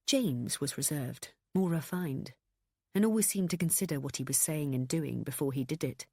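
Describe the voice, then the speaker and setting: A woman narrating a thriller audiobook in an even, measured storytelling manner. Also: low-pitched, breathy edge, no echo, studio quality.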